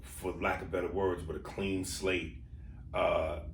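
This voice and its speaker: A podcast co-host argues politics with passion in a heated debate, swearing and stammering through restarts. His voice sits low with a level tone and an unhurried pace, recorded from a distance with roomy echo and a little hiss or hum.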